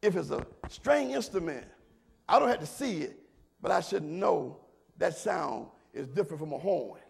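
Gravelly pastor preaching a sermon. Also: male voice, lively intonation, moderate pace. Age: older. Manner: swings from low murmurs to shouted preaching; call-and-response asides to the congregation.

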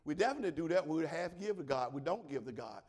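A man preaching a sermon, swinging from shouted exclamations to quiet prayer and repeating words as he calls out to his congregation. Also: a little high, expressive, racing. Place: church.

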